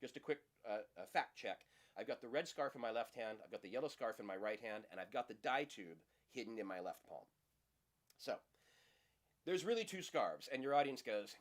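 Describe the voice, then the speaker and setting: A middle-aged man explains a magic trick in a relaxed, hands-on lesson. His voice sits at a middle pitch but moves through a very lively range. He keeps a playful tone as he talks the viewer through each move. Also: brisk. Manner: lively, playful, acts out audience lines in high voices. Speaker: magic teacher. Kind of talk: casual demonstration lesson.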